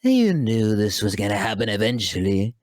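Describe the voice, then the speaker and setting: A man's voice: on the low side, very animated, normal speed, a little mellow, no room sound, clean studio sound, pitched below the performer's own voice. A voice actor doing a manic, cackling male clown villain, with wheezing laughs between the taunts. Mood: manic taunting.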